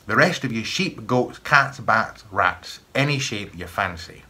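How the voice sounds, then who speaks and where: A man's voice: on the low side, animated, unhurried, pushed and bright, breathy edge, full character voice. A man with a Scottish accent voicing a sly, sinister old male wizard who runs a school of magic. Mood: commanding.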